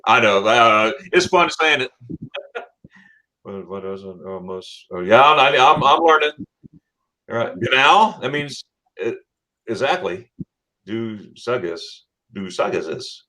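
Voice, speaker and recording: A man's voice: medium pitch, expressive, takes it slowly, long pauses, pushed and bright, rough recording. A man hosting a casual live-stream chat, stammering over his words, repeating himself and laughing often. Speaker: channel host.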